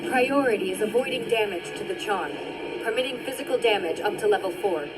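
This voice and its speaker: A cold reanimated girl, voiced by a woman who talks like a machine in an anime dub. Every line comes out flat, mechanical and without feeling. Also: medium pitch, a little fast, natural voice, low-quality recording. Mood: robotic. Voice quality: monotone, mechanical.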